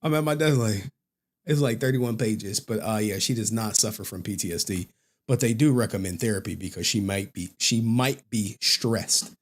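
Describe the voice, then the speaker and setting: A man's voice: on the low side, brisk, a little mellow. A man hosting a casual live stream, loose and joking, who repeats his phrases and laughs often. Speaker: stream host and commentator.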